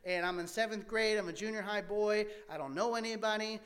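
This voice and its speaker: A man's voice: sits high, fairly bright tone. Earnest man telling his own story. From American Midwest. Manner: earnest, halting with many fillers and restarts. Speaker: speaker sharing his life story. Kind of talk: personal testimony storytelling.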